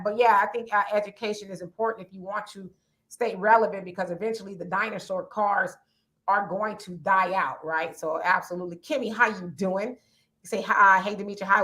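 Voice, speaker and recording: A woman with a raspy voice co-hosting a casual livestream chat, reading viewer comments aloud and answering them in a conversational way. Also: mid-range voice, a bit bright. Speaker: livestream co-host.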